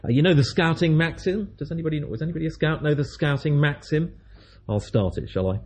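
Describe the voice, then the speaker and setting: A man's voice: fairly high pitch, lively intonation, fast talker, darkish tone, a little hiss or hum. A man preaching a sermon, telling a story in a chatty way and acting out the voices of its people.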